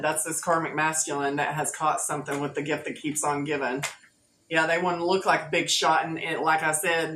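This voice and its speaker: A woman with a lowish voice chats her way through a tarot reading, playful and slangy. The sound is roomy and echoey, with a faint hum of ambience behind her. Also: a bit bright. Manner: playful, laughing, slangy, sings snatches of songs. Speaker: tarot reader.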